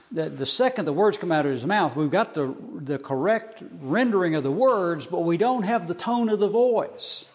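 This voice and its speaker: A man teaching a Bible passage in a casual, conversational way, with frequent fillers and humorous asides. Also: a little high. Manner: conversational, colloquial, hesitant, humorous.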